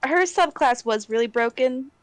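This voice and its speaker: A woman player talking casually at a tabletop game session. Her voice sits high and sounds dry and close, and she chats on at length with frequent laughs. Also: expressive, moderate pace, no echo.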